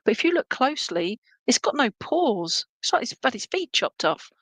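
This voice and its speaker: A woman's voice: a little high, big pitch swings, normal speed, fairly bright tone, breathy edge, no room sound, poor audio. A woman giving live psychic readings to viewers, chatty and meandering, full of fillers and checks like "okay?". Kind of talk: live-stream reading, casual chat to viewers.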